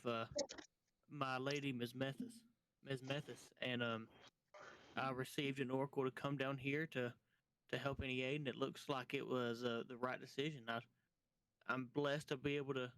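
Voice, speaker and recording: A man speaking in character at a tabletop game, earnest and polite, pausing and restarting as he goes. His voice is smooth and resonant, recorded dry and close. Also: medium pitch, flat delivery, a bit bright, no echo, low-quality recording. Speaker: player.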